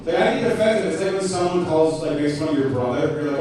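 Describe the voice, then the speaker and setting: Talking fast with few pauses, a man with a slightly high, darkish voice does a rambling stand-up set that mocks himself and is full of ums and restarts. It's a cafe open mic indoors, heard through a distant mic in a very echoey room with faint background noise.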